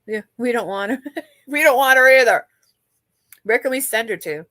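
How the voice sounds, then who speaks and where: A woman's voice: on the high side, moderate pace, no echo. Gossipy New woman streaming. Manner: gossipy, animated, swears freely, frequent laughs and restarts. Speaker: livestream host. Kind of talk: casual chat with live viewers.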